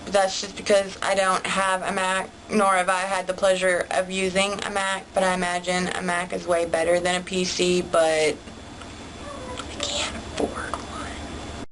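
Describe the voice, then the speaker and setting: A woman's voice: on the low side, completely flat delivery, normal speed, hardly any pauses, background noise. A young woman, chatting casually to camera in a bubbly, rambling way. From United States. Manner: bubbly, rambling, heavy use of "like". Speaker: vlogger.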